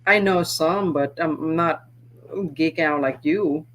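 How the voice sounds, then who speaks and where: A woman's voice: deep voice, slow, a little hiss or hum. Friendly woman guest on a livestream. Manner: laughs easily, friendly. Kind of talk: casual livestream chat.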